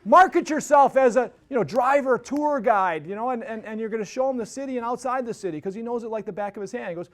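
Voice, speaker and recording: High-voiced fast-talking man telling stories. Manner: rambling, many restarts and tag questions. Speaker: podcast host. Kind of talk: casual storytelling.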